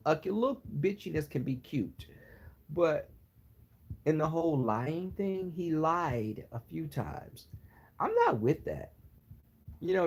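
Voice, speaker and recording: A man's voice: a little high, creaky, a little mellow, slightly rough. A man on his channel chatting casually with viewers, gossipy and frank with his opinions. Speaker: YouTuber answering viewers. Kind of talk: casual live-stream chat.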